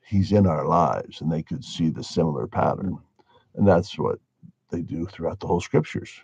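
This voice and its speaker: A man's voice: low voice, normal speed, vocal fry, darkish tone, slightly rough, no room sound. A man giving a casual spoken monologue on faith, musing wryly and laughing at his own points. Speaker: religious commentator. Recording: dull lo-fi dry recording.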